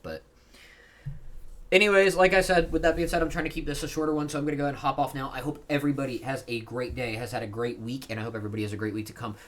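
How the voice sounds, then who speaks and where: A man's voice: mid-range voice, fairly even intonation, very fast, a bit bright. A man reading a comic chapter aloud and reacting in a casual, chatty way, with fillers like "uh" and "like". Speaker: manga reaction vlogger.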